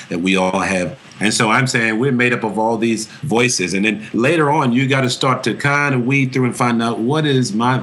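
A man with a low-pitched voice answering interview questions in a reflective, earnest way. He circles back and restarts phrases as he thinks. The talk is unhurried and sincere. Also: fairly bright tone. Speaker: actor talking about his voice.

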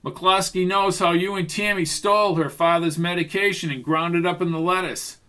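A man's voice: sits high, fairly even intonation, normal speed, sharp tone, clean tone, voice pushed up. A man voicing a firm, commanding male police detective in an audiobook mystery. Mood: stern. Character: gruff middle-aged male police detective.

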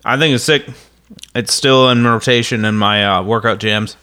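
A man's voice: medium pitch, moderate pace, sharp tone, smooth. A man hosting a casual podcast, slangy and joking, laughing along with his guest. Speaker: podcast host.

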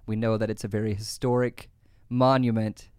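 A man's voice: lowish voice, little pitch movement, normal speed, darkish tone, clear, resonant tone, dry recording. Laughing, stammering podcast co-host man. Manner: laughs often, stammers and repeats words. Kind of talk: casual chat.

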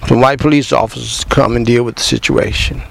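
With a mid-range, somewhat bright voice marked by vocal fry, a man talks fairly quickly and with fairly even intonation over poor audio. Preaching his opinions passionately, he challenges listeners with rhetorical questions and doubles up words when fired up.

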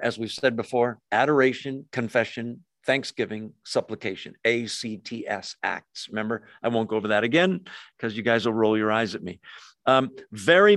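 A man's voice: mid-range voice, fairly bright tone, no room sound, studio quality. A man teaching a Bible study as pastor, in a conversational style, often asking questions and acting out short quoted prayers. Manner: informal, asks questions, acts out quoted prayers.

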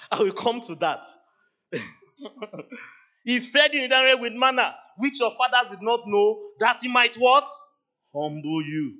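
A man preaching a sermon at a church service, animated, laughing often and acting out dialogue with God. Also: extremely high pitch, slow pace, long pauses, muffled recording. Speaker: pastor.

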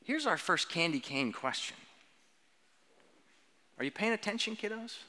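A man preaching a sermon with earnest emphasis, slowing down on key words and putting questions to the children. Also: high voice, lively intonation, sharp tone. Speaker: pastor. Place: church sanctuary. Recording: long church reverb.

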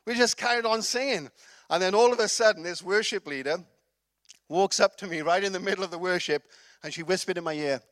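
Upbeat Welsh pastor with a high voice. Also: male voice, fairly quick, fairly bright tone, no echo. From Wales. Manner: chatty, laughing storyteller with many fillers. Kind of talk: sermon.

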